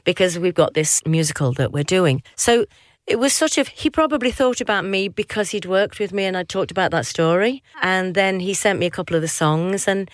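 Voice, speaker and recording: A woman's voice: fairly low pitch, expressive, fairly quick, no echo. A woman with a Yorkshire accent, a singer chatting as a guest in an interview, laughing and wandering into asides. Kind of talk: casual interview chat.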